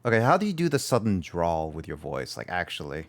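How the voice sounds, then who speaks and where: Animated man chatting while gaming. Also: deep voice, brisk. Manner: rambling, self-correcting, animated. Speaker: gaming streamer. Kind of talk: casual livestream chat.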